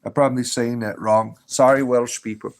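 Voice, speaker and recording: A man's voice: mid-range voice, steady tone, normal speed, low-quality recording. A man hosting a casual livestream on a phone, answering viewer comments in a rambling way with many fillers and restarts. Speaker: livestream host.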